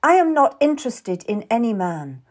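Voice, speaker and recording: A woman reading the lines of a spirited young Tudor lady, high-pitched and emphatic in her protests. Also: very animated, normal speed. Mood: protesting.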